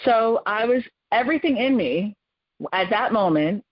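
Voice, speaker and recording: This podcast guest is a woman in her forties sharing a personal anecdote at a moderate pace, full of animation and expression. When she voices quotes, her pitch springs upward. The audio has no echo but sounds dull and lo-fi.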